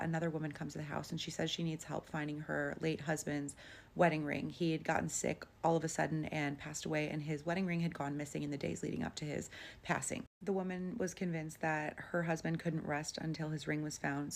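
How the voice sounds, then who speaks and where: Fast-talking low-voiced woman with vocal fry. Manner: conversational, with frequent filler "like". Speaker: storyteller. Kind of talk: casual retelling of a paranormal story.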